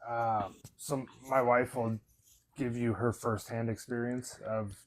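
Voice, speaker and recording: A man's voice: mid-range voice, steady tone, slow, a little hiss or hum, rough recording. A man from the United States hosting a casual panel, speaking hesitantly with many ums. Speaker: show host.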